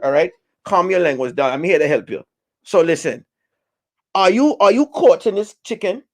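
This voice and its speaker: Man voicing a male goat shopkeeper, West Indian accent, boastful, lecturing, high-pitched. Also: animated, normal speed. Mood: advising. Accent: West Indian, put on. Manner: exclaiming, lecturing, sing-song.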